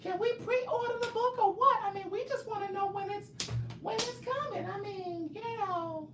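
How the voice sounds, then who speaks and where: A man mocking his fans in a whiny, high-pitched nagging voice, in an echoey room. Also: normal speed, bright, forceful tone, distant mic.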